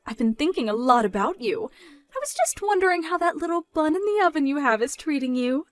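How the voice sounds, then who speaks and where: A woman's voice: lively intonation, a little fast. A woman voicing a scornful, controlling middle-aged mother who mocks and scolds in a dramatized story. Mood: pushy. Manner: mocking, loud, rising in pitch when scolding.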